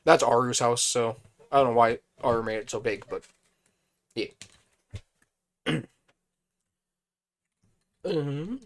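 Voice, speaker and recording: Male streamer with a hoarse, worn voice at mid pitch, casual, mutters through tasks. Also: takes it slowly, pauses often. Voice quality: thinks aloud, mutters to himself, chatty. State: hoarse, voice fading. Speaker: streamer playing a building game. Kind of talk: casual live-stream commentary.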